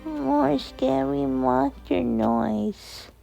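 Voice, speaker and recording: A woman voicing a scared little girl who talks slowly and pleads. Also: high voice, fairly even intonation, gravelly, warm tone, soft background music, pitched above the performer's own voice, heavily acted, low-quality recording. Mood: frightened.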